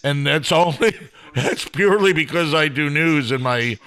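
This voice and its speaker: A man hosts a solo podcast indoors at home, rambling self-deprecatingly, chuckling often and restarting sentences. His voice is a little high, bright, forceful, and smooth, at a moderate pace.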